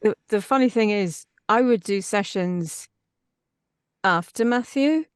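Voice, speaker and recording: A woman chats as an interview guest, telling stories with lively energy. She is a voice actress from the East Midlands. Her voice sits mid-range and is recorded dry. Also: mid-range voice, measured pace, clear, resonant tone, no room sound. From East Midlands, England. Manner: chatty, animated storyteller. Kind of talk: casual interview chat.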